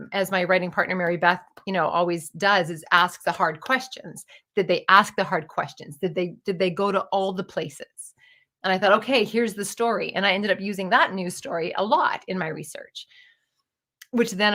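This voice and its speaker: A woman's voice: mid-range voice, fairly bright tone. A woman in her fifties telling a personal story in a candid, digressive way, swearing casually as she goes. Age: 50s. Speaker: storyteller and playwright.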